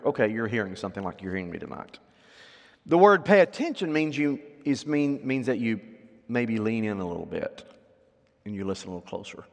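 A man preaches to his congregation, his voice leaping up for emphatic lines of scripture and sinking low for quiet asides. He talks in an ordinary middle register with a very lively melody. The sound rings with the long reverb of a large sanctuary. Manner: lively, rising to loud emphatic readings then dropping to quiet asides; asks the congregation questions. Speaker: pastor. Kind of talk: sermon.

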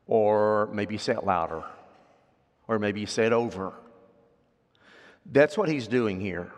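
A man preaching a sermon as pastor, swinging from loud, emphatic scripture readings to quiet asides and questions to the congregation. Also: lowish voice, unhurried, pauses often. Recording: long hall reverb.

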